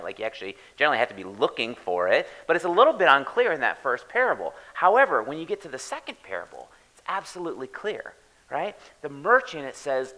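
A man preaching a sermon as pastor, animated and checking in with the congregation with repeated "right?". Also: mid-range voice, low-quality recording. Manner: animated, tags lines with "right?".

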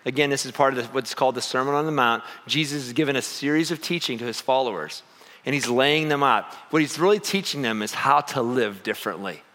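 Man preaching a sermon, bright and storytelling. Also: mid-range voice, fast, in a large hall. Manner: animated storytelling, acts out voices, self-deprecating humor. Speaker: pastor.

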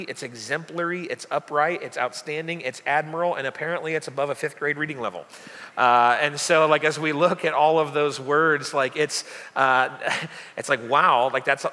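A man's voice: a little high, pushed and bright. A young adult man preaching a casual sermon, chatty and joking with lots of fillers. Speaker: pastor. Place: church hall. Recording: long hall reverb.

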